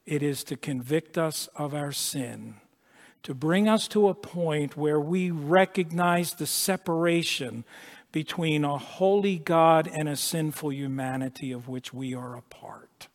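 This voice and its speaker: A man preaching a sermon with emphasis, repeating words and dropping to a hush at key points. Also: a little high, a little slow. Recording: long echo of a large hall.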